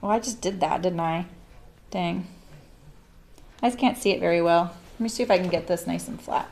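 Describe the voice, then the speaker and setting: A woman's voice: on the low side, moderate pace, creaky, a little mellow, a little hiss or hum. A middle-aged woman hosting a live sewing stream, chatting casually and laughing often as she works. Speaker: sewing livestream host.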